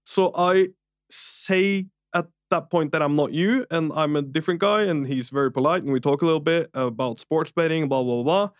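Male podcast co-host, animated storyteller who laughs at himself, slightly high voice. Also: moderate pace, no room sound, clean studio sound. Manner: animated, laughs through his own story.

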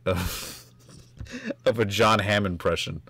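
A man's voice: fairly low pitch, wildly swooping pitch, slow, gravelly, a bit bright, slightly rough. A man co-hosting a podcast, rambling and joking in casual chat with plenty of swearing. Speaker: podcast co-host.

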